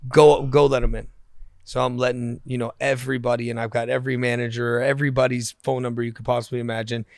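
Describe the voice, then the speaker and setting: A man's voice: medium pitch, little pitch movement, quick pace, vocal fry, no room sound, studio quality. A man being interviewed on a podcast, telling stories animatedly and acting out the dialogue, often laughing as he talks. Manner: acts out quoted dialogue in his stories. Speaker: interview guest. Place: podcast studio.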